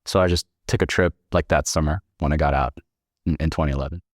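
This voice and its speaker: Veteran man in his thirties, low-pitched, dry and close; laid-back, profane storyteller for an interview. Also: steady tone, fast talker, dry recording. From Northern California. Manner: laid-back and profane, acts out quoted dialogue. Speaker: podcast guest, military veteran.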